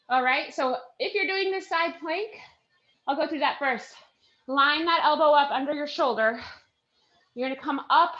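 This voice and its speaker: A woman's voice: sits high, sharp tone, echoey room, dull audio. A woman leading a live workout class, counting reps and cheering her team on while out of breath. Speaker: fitness instructor.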